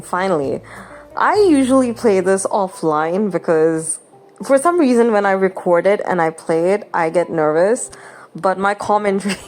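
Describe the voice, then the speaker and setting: A young woman hosting a game channel, chatting casually and rambling while she plays, laughing often and sounding mock-exasperated. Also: lowish voice. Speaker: gaming channel host. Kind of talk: casual gameplay commentary. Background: game music.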